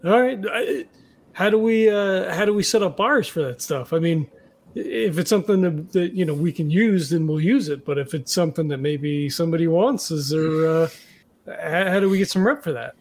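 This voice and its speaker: A man who is a player in a tabletop role-playing game, asking halting questions. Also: fairly high pitch.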